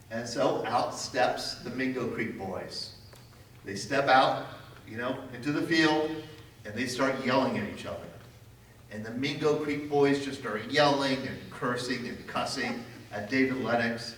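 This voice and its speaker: A man gives a history lecture to a crowd, telling the story with lively, wry humor. His voice sits at a middle pitch and is picked up from a distance in a very echoey hall, with faint hiss underneath. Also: normal speed.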